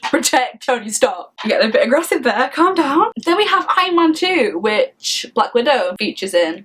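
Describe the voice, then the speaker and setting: A young woman chatting casually in a vlog, gushing excitedly about her film collection with sudden bursts of enthusiasm. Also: mid-range voice. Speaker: vlogger.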